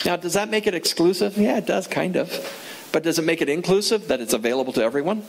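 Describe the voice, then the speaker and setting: A man's voice: fairly high pitch, fast, gravelly, slight background noise, low-quality recording. A man preaching a sermon as a pastor, talking in a conversational way, asking his listeners questions and repeating key phrases for emphasis. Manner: conversational, asks the audience questions.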